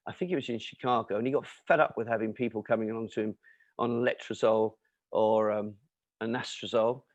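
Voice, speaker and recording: A man answering questions in an explanatory talk, lecturing in an animated way with emphatic asides and fillers. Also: fairly low pitch, a little fast, no room sound, lo-fi sound. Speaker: nutrition and cancer speaker answering questions.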